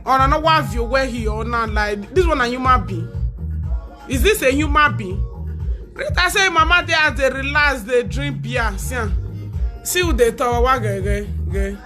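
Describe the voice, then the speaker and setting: A woman speaking Nigerian Pidgin English, mocking and taunting in a loud, laughing, sing-song rant. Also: fairly high pitch, animated, moderate pace, music in the background. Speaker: social media commentator. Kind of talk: mocking live-stream rant.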